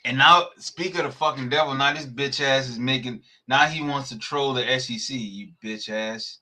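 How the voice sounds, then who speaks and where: A man, co-hosting a sports podcast, ranting about college football schedules in a heated, profane, animated way. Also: medium pitch, normal speed. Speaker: podcast co-host. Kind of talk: casual sports debate.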